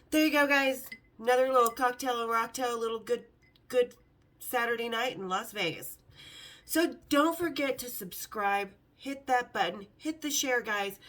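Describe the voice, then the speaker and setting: A woman's voice: a little high, a bit bright. A middle-aged woman hosting a vlog, telling brash, sarcastic stories in a casual, swearing way. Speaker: vlog host. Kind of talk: casual storytelling to camera.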